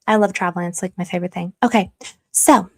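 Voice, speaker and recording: A woman's voice: on the low side, steady tone, quick pace, a little mellow. A young woman hosting a casual live stream, chatting freely, reading comments and teasing her viewers with mock stern warnings. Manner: chatty and self-deprecating, reads chat aloud, slips into mock stern warnings. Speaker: livestream commentary host.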